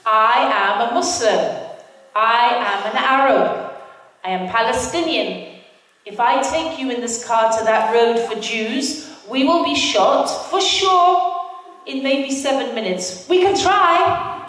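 A woman's voice: on the high side, slow, fairly bright tone. Woman putting on an accented Palestinian cab driver. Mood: blunt. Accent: Arabic-accented English, put on. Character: Palestinian taxi driver, blunt and wry. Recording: echoey hall, from far off.

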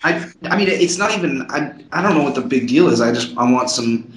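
A man's voice: mid-range voice, expressive, brisk. A man co-hosting a podcast, crude and silly in casual chat. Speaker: podcast co-host. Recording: echoey room with faint noise.

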